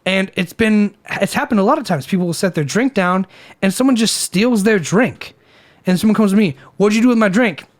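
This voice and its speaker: A man's voice: high-pitched, moderate pace. A young man co-hosting a podcast, telling a story in a casual, profane way and packing it with "like" fillers. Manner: animated, profane, filler-heavy retelling. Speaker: podcast co-host. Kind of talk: casual storytelling over beers.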